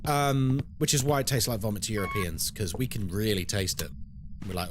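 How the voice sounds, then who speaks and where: A man's voice: lowish voice, a little fast, noisy background. A young British man chatting casually on a live stream, reading out and answering chat. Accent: British English. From Britain. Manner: chatty, animated, reads chat aloud and answers it. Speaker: horror game streamer.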